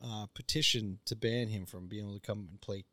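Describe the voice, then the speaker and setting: A man's voice: fairly low pitch, fairly even intonation, a little fast, pushed and bright, no echo. A man, co-hosting a casual podcast chat, swearing freely and slipping into mock voices. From Canada. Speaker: podcast co-host.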